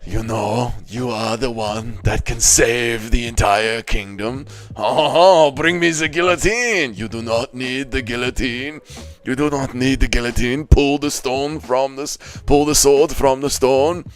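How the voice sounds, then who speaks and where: A man's voice: medium pitch, measured pace, lightly acted. A man doing a grand proclaiming wizard. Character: grand old wizard anointing a chosen hero.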